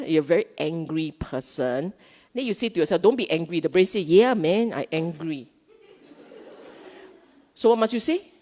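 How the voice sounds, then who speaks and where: Middle-aged Singaporean woman, animated and playful Buddhist speaker with a very lively pitch, heard in a reverberant hall. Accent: Singaporean English. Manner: animated, joking, colloquial, repeats phrases for emphasis. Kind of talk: casual Dhamma talk.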